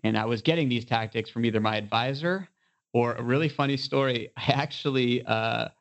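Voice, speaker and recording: Man, entrepreneur guest, casual interview storytelling, chatty fillers, middle pitch. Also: brisk, vocal fry, lo-fi sound. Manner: animated storyteller, many "you know" fillers.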